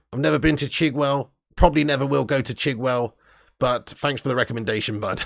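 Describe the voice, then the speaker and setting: A man's voice: on the high side, dry recording, studio quality. A man hosting a casual live stream, chatting and laughing as he reads viewer comments aloud. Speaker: live stream host reading chat.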